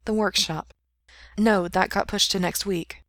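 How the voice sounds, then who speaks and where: Casual: lady reading doing a nervous sorry young guy, a bit higher, pleading, dry sound. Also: fairly even intonation, a little slow, fairly bright tone, no echo. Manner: earnest, apologetic, plaintive. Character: anxious guilt-ridden young man, pleading.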